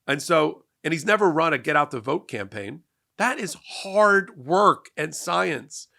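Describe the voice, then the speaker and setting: A man's voice: fairly high pitch, lively intonation, measured pace, vocal fry, bright, forceful tone. A man hosting a legal and political commentary show, talking in a sarcastic monologue and often repeating words as he starts sentences.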